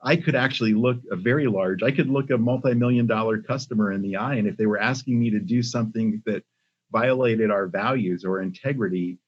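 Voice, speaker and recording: An older man, a company CEO, speaking as a podcast guest in a measured way with many pauses and restarts. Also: on the low side, breathy edge. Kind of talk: casual interview talk. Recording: muffled lo-fi audio.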